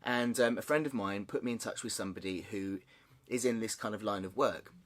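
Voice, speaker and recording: A man sharing a personal story in a candid, halting way, with nervous laughs and frequent restarts. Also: fairly low pitch. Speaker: vlogger. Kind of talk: personal confessional vlog.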